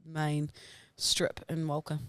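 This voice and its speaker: A woman's voice: low voice, completely flat delivery, slow, no room sound. An Australian woman co-hosting a podcast, teasing and playful in casual chat. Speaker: podcast co-host.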